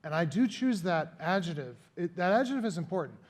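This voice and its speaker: Higher-voiced male author speaking reflectively. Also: a little fast. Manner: reflective, animated storyteller who laughs often. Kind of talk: public conversation before a live audience.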